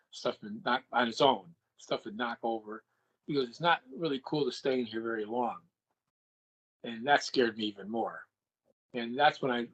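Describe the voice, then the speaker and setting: A man's voice: medium pitch, poor audio. An older man, a guest, telling a personal anecdote and acting out the dialogue he quotes. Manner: animated storyteller who acts out quoted dialogue.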